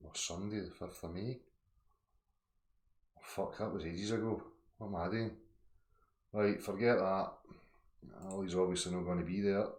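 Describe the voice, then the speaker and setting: A Scottish man hosting a livestream, chatting casually and ranting loudly with constant swearing. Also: low voice, fairly even intonation, moderate pace, pauses often, echoey room. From Scotland. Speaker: livestream host.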